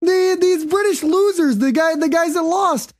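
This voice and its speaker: A woman hosting a casual comedy podcast, telling rambling stories in a loud, profane way. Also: very high voice, normal speed. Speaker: podcast host.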